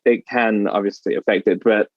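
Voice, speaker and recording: Measured Midlands English man. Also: fairly low pitch, steady tone, no echo, dull audio. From England. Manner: measured, explanatory. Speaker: dialect coach. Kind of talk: podcast interview.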